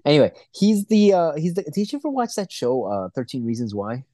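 A young man co-hosting a casual podcast chat, rambling and swearing a lot as he gets excited. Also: on the high side, a little fast, no room sound. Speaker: podcast co-host.

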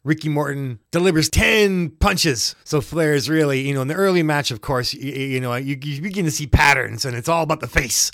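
Man, slightly high voice, dry close sound, lively jokey play-by-play recap. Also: fairly quick, few pauses, no room sound. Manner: animated, jokey, acts out the wrestlers' yells. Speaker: podcast co-host recapping a wrestling match. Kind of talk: casual play-by-play chat.

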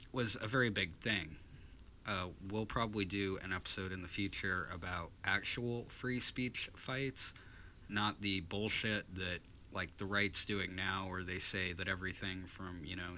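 A man's voice: deep voice, pushed and bright, slight background noise. A man hosting a podcast, talking bluntly and casually, with some swearing. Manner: fervent, speechifying; blunt, profane. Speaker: podcast host. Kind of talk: casual chat then an impassioned speech.

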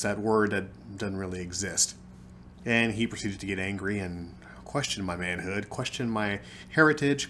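A man talks straight to his podcast listeners, theatrical and wry. His voice sits fairly low but jumps around a lot as he tells the story. A faint hum of room noise sits behind him. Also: a bit bright. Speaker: podcast host. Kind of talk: storytelling monologue.

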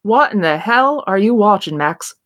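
A woman's voice: medium pitch, expressive, moderate pace, a bit bright, close to an everyday voice. A woman voicing a dapper young man in a tailored suit, attempting an Irish accent and talking in a coaxing, confidential way. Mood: incredulous.

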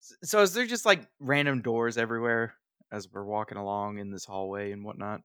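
A man's voice: on the low side, fairly quick, pushed and bright, clean tone, dry recording, studio quality. A man playing in a tabletop game, joking around in a playful way. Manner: playful, jokey. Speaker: player. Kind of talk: casual role-play banter.

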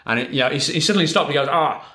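A man from the United Kingdom, a swim coach, chatting casually in an interview and telling stories in a rambling, animated way. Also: a little high, rapid-fire.

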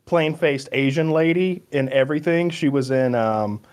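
A man with a somewhat high voice co-hosts a casual podcast. He rambles excitably and swears freely, gushing as he goes. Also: moderate pace, smooth. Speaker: podcast co-host.

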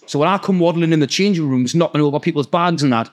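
A man with a Geordie accent telling rowdy, sweary stories in casual chat and acting out the people in them. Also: fairly high pitch. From North East England. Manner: fast, sweary, laughing, acts out quoted voices. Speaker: podcast guest. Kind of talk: casual storytelling.

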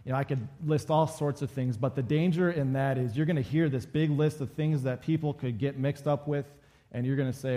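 A man's voice: mid-range voice, fairly even intonation, a little fast, warm tone. A male pastor giving a conversational sermon and acting out quoted lines from the story.

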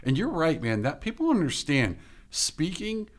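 A man's voice: a little high, wildly swooping pitch, normal speed. A man co-hosting a casual podcast chat, telling a light, jokey story about his work. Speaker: podcast co-host.

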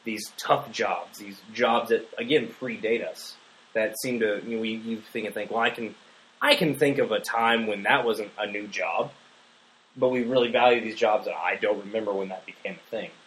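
A man's voice: lowish voice, moderate pace, a bit bright, a little hiss or hum, rough recording. Rambling man talking casually about film. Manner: rambling, many fillers and restarts. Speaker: podcast co-host.

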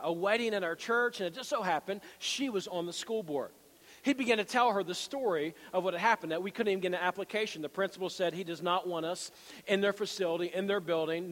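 A high-pitched male pastor preaches in an animated storytelling style. His voice rings through a large hall with a long, trailing reverb. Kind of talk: sermon.

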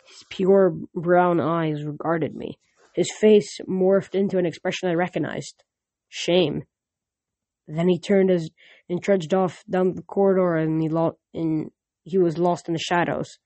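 A man casually reading a novel aloud, halting with restarts, recorded on a phone lying nearby. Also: sits high, fairly even intonation, warm tone, dry recording. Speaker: audiobook reader.

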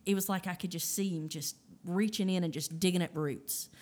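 A woman telling her testimony as a podcast guest, her voice sitting a little low for a woman. She speaks casually and with animation, slipping into the voices of people she quotes. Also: steady tone, fairly quick, darkish tone. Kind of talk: casual storytelling.

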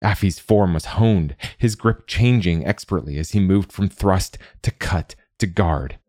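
Deep-voiced man narrating a story. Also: measured pace, darkish tone, no echo, studio quality.

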